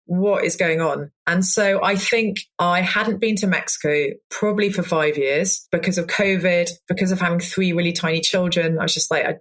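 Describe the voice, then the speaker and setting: A woman's voice: low voice, fairly bright tone. A woman in her forties, a cook, talking candidly in a podcast interview, rambling with restarts and acted-out quotes. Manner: open, rambling, with many restarts and quoted asides. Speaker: guest cook.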